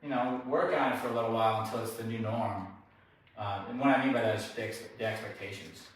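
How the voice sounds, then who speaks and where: A man working as a dog trainer, talking through a live training session in a relaxed, explanatory way. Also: lowish voice, quick pace. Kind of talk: hands-on training demonstration. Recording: very echoey room, distant mic, faint noise.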